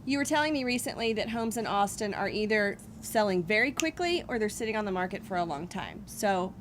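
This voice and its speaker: A woman's voice: mid-range voice, expressive, brisk. Inquisitive woman interviewer, faint hiss. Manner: inquisitive, follows up with short prompts. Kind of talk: interview questions.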